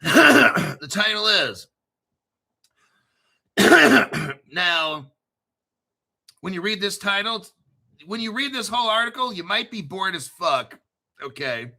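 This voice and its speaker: A man hosting his own crypto show, talking in a hyped, profane rush and clearing his throat often. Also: high-pitched, very animated, slow pace, pauses often, sharp tone. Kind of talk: excitable solo commentary stream.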